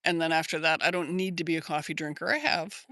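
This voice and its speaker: Older American woman, bright crisp voice, rambling livestream host chatting outdoors, dry close phone sound. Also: low voice, steady tone, fast, dry recording. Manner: rambling and chatty, answers viewer comments. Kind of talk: casual livestream chat. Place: outdoors in her yard.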